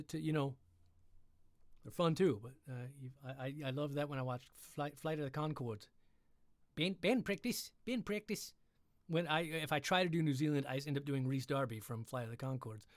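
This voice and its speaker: A man's voice: fairly high pitch, no echo, studio quality. A man hosting a livestream reading, chatting in a rambling, joking way between passages and swearing casually. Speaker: livestream host reading a story aloud. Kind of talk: casual chat during a live reading.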